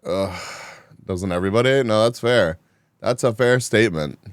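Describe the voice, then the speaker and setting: A man streaming live, chatting casually with his viewers, animated and quick to laugh, sounding a bit groggy after a nap. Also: fairly low pitch, clean tone, no room sound, clean studio sound. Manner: animated, reactive, laughs often. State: groggy after just waking. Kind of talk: casual chat, reading chat live.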